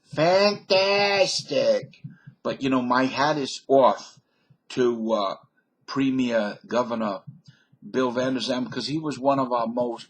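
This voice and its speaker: A man from British Columbia talks into a webcam, drifting from one aside to the next in a folksy, mock-learned way. His voice is slightly husky and his delivery unhurried, with plenty of loose asides. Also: mid-range voice. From British Columbia, Canada. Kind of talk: rambling comic monologue.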